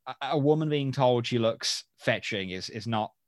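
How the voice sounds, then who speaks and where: A man's voice: medium pitch, lively intonation, normal speed, dry recording. Male podcast co-host, wry rambler, dead dry sound. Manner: wry, rambling, many ums. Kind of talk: casual chat.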